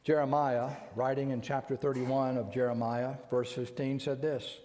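Older man preaching with slow emphasis. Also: mid-range voice, flat delivery, dark tone, a little hiss or hum. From United States. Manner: emphatic, deliberate, slows down to stress key words. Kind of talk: sermon. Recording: long reverb.

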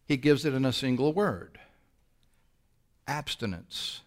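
Man, pastor, sermon, emphatic, rhetorical questions, quick bursts then slow drawn-out phrases. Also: mid-range voice, animated.

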